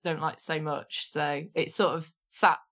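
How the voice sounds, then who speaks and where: A woman co-hosting a casual podcast, relaxed and agreeable, giving short replies and reflective asides. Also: low-pitched, a little slow. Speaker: podcast co-host.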